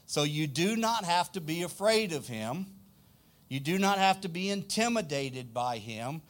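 Male preacher, South Louisiana accent, slightly high voice, deliberate unhurried sermon delivery. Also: animated. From South Louisiana, United States. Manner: slow, emphatic preaching with questions to the congregation. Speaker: pastor.

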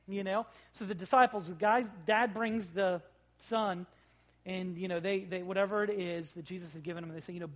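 Preacher giving a sermon, chatty and jokey, gets loud then drops to almost nothing. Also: medium pitch, normal speed. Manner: animated, swinging between loud emphasis and quiet asides; conversational, with jokes and acted-out quotes. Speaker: pastor.

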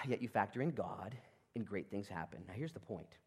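A male pastor preaching a sermon in a church, conversational and animated, swinging between loud and hushed. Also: lowish voice, moderate pace, breathy edge. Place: church sanctuary.

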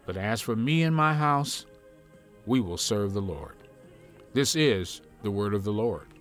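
A man's voice: fairly low pitch, animated, measured pace, faint music behind. A man giving a formal scripture reading in church.

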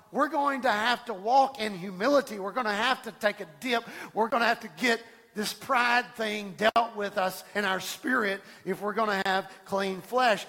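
A man preaching a sermon from the pulpit, his voice high and bright with a sharp edge. He talks in an animated way, repeats words as he restarts his sentences, and acts out what other people say. A long reverb from the church hall trails behind each line. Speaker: pastor. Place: church sanctuary.

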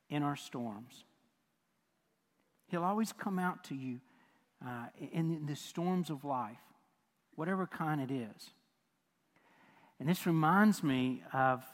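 A man's voice: on the high side, fairly bright tone. A man preaching a sermon as a pastor, talking conversationally, asking the audience questions and repeating phrases. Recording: long hall reverb.

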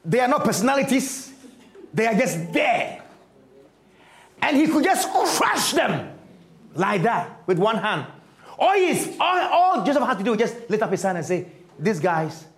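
A man preaching a sermon, retelling a scripture story dramatically and swinging from loud to hushed. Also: very high voice, big pitch swings, normal speed, roomy sound.

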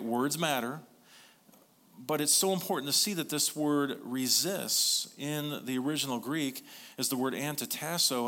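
Bright-voiced male pastor preaching. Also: medium pitch. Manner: earnest, conversational preaching with repeated phrases. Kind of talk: sermon.

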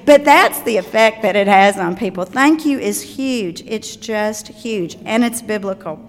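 A woman's voice: medium pitch, unhurried. An older woman with a Southern accent, giving a chatty talk to parents on children's manners and telling stories with asides. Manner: chatty, warm storytelling with asides. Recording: long hall reverb.

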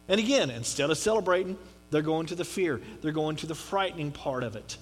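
A man preaching a conversational sermon, swinging between quiet, low asides and emphatic rising declarations. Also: a little fast, big-room sound. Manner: conversational preaching with dramatic drops and rises. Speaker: pastor.

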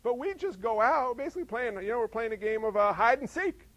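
High-voiced gravelly preacher, dry sound. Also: male voice, animated, brisk, a bit bright, dry recording, poor audio. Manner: conversational preaching with rhetorical questions. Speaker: pastor. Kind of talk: sermon.

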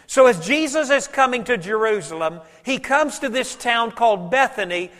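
A preacher delivering a sermon in a fairly high voice, mixing homey anecdotes with scripture. He drops suddenly soft for emphasis, and his words trail off into the long echo of a big sanctuary. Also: animated, normal speed. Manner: folksy storytelling preacher, varies volume for emphasis. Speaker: pastor.

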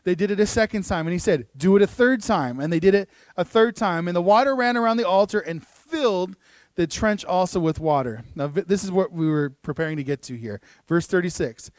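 High-voiced man preaching a sermon. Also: lively intonation, fairly quick, no echo, clean studio sound. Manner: earnest, builds to emphatic peaks, with asides and restarts. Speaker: pastor. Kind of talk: sermon with scripture reading. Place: church room.

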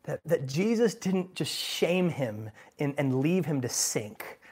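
A man preaching a sermon with lively, emphatic delivery, moving from hushed asides to loud, driving lines. He talks to the congregation like a friend and keeps asking them to agree. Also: fairly high pitch, slow, breathy edge. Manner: animated and emphatic, swinging from quiet asides to loud bursts; conversational, asks the congregation "right?". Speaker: pastor.

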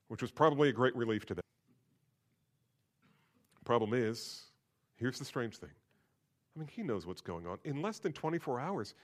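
A man preaching a sermon, moving between quiet, low asides and loud, emphatic bursts, and acting out quoted voices in a conversational way. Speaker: pastor.

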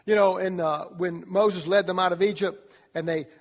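A man preaching a sermon to young people as a youth pastor, animated, acting out voices as he tells the story. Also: high voice, moderate pace. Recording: long reverb of a large hall.

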